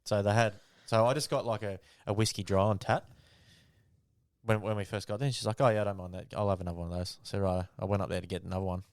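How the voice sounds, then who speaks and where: A man's voice: on the low side, steady tone, quick pace, no echo, studio quality. A man with an Australian accent, co-hosting a podcast and telling a story in a laid-back way, swearing freely. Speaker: podcast co-host. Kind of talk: casual storytelling chat.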